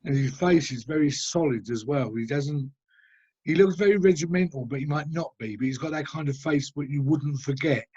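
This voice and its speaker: Man medium, husky, halting, describes at length; muffled video call sound. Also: a little high, a little mellow. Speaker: spiritualist medium.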